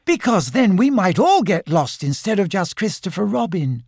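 A man's voice: sits high, big pitch swings, moderate pace, darkish tone, dry recording, studio quality, voice pushed up, full character voice. A man voicing a motherly female kangaroo who speaks firmly but kindly in a storybook reading. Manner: firm, motherly.

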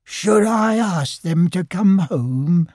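A man doing a slow, growly teddy bear. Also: sits high, animated, darkish tone, dry recording, clean studio sound, voice pushed up, full character voice. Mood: excited. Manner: slow, plaintive and simple. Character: gentle, slow, honey-loving male teddy bear.

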